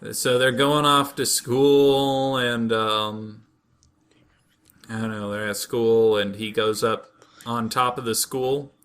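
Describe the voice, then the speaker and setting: A man hosts a casual podcast chat and retells stories in a loose, rambling way. He laughs often. His voice is bright and lively, pitched in the middle of the male range. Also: slow pace, clean tone. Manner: rambling, animated storyteller who laughs often. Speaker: podcast host. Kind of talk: casual chat recapping anime.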